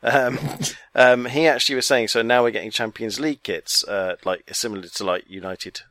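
A man's voice: mid-range voice, steady tone, moderate pace, fairly bright tone, no echo. A man co-hosting a podcast, chatty and jokey, rambling as he goes. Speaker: podcast co-host. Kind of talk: casual chat.

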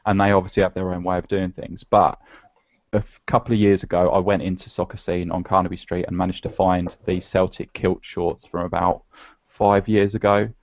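A man's voice: low voice, flat delivery, a little fast, no room sound. A man co-hosting a podcast, telling a story in casual, slightly wistful chat. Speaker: podcast co-host. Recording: dull lo-fi podcast audio.

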